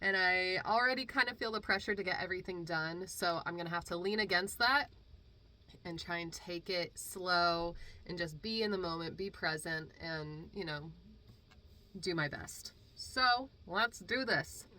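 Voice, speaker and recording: Relaxed, reflective woman voice actor. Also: on the low side, moderate pace. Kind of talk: vlog talk and voice-over.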